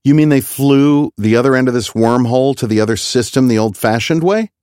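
A brash, playful friend who always argues for the bold plan, as a male audiobook narrator puts him on. The voice sits noticeably higher than the reader's own and rolls along with easy confidence. The sound is dry and close. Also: a little fast, mellow, clear, resonant tone, no room sound, lightly acted. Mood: eager. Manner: breezy and insistent.

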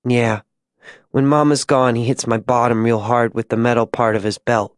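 A man voicing a six-year-old frontier girl who asks soft, childlike questions. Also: medium pitch, level tone, normal speed, dry recording, clean studio sound, lightly acted. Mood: innocent.

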